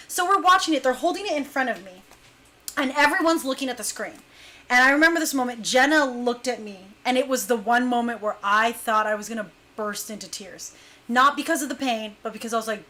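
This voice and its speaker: Animated high-voiced young woman storyteller. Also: brisk. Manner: animated, acts out quotes in hushed voice. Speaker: dancer telling a story. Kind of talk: casual storytelling.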